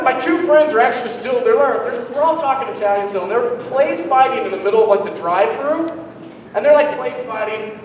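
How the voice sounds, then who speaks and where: Young male comic, high voice, rambling self-deprecating delivery; roomy hall, distant mic. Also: a little hiss or hum. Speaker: stand-up comedian. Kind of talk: stand-up routine. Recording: echoey hall, mic heard from afar.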